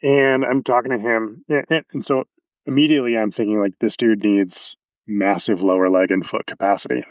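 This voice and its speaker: A man's voice: on the low side, steady tone, moderate pace, no room sound, dull audio. A man coaching athletes, explaining movement casually in a podcast interview with anatomical detail and frequent fillers.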